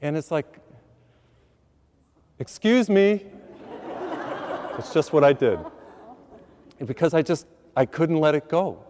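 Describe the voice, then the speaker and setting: A man, a priest, preaching a sermon as a lively, self-deprecating story, acting out his own reactions. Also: on the high side, normal speed, slight background noise. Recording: long hall reverb.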